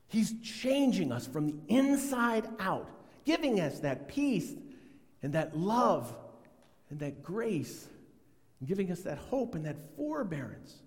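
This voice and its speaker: Middle-aged male pastor, fairly high voice, lively storytelling sermon delivery, long hall reverb. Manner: animated storytelling, acts out quotes.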